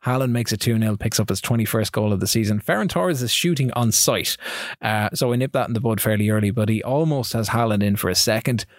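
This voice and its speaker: A man co-hosting a casual gaming podcast, recapping his matches in quick rambling bursts. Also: lowish voice, dry recording, clean studio sound. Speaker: podcast co-host. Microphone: studio mic.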